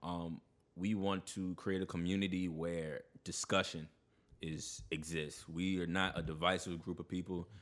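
Chill guy on a podcast, lowish voice, laid back shoutouts. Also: unhurried. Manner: relaxed, laughs often, thanks listeners. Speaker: podcast co-host. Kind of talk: casual chat.

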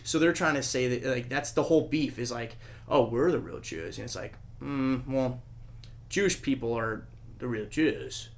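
A man hosting a podcast, talking casually in a rambling, profane and animated way. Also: medium pitch, normal speed. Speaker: podcast host. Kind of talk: casual chat.

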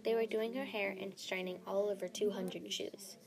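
A woman's voice: medium pitch, steady tone, moderate pace, crowd noise. A woman reading her own fantasy story aloud, dropping to a whisper at tense moments. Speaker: story reader.

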